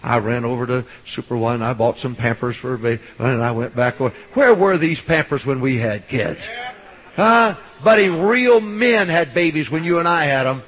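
A middle-aged man preaching a sermon as a Baptist pastor, swinging from loud hollering to soft storytelling. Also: medium pitch, expressive, moderate pace, breathy edge, low-quality recording.

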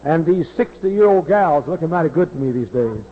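A man in his forties, a pastor, preaching a sermon that moves from folksy storytelling to loud impassioned outbursts. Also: on the high side, expressive, normal speed, slight background noise. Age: 40s. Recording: dull old recording in a large reverberant hall.

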